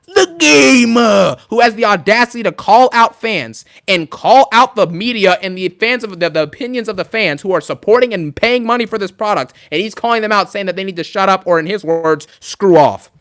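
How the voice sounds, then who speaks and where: High, bright-voiced man ranting live. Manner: fast, animated ranting with slang and fillers. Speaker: wrestling commentary streamer. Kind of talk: live rant stream.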